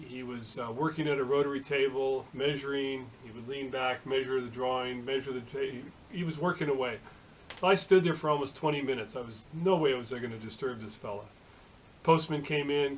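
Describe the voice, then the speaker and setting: A middle-aged man and home shop machinist telling a story in a casual vlog, halting, with many fillers and restarts. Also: medium pitch, a little hiss or hum, low-quality recording.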